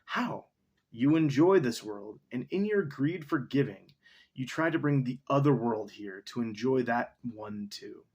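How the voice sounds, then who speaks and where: A bold old wandering beggar with a husky voice and lively, swinging pitch, read aloud by a man. He pleads and answers back with cheeky wit, like a figure in a storybook. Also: unhurried, lo-fi sound.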